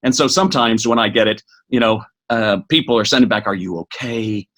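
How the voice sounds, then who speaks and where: A middle-aged man speaking as a podcast guest, giving an energetic motivational talk that is quick and full of restarts. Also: medium pitch. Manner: energetic, fast, with many restarts.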